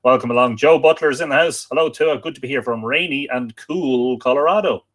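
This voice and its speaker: A male livestream host from Ireland keeps up a brisk, casual chat, his mid-range voice fairly bright. He reads out greetings and comments sent in by viewers.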